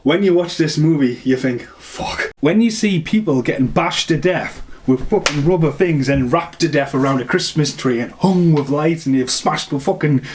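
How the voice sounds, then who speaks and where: A man's voice: on the high side, moderate pace, few pauses, darkish tone. Rambling, foul-mouthed guy reviewing films. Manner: rambling, swears a lot, laughs at own jokes. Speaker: film reviewer. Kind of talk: casual movie review rant.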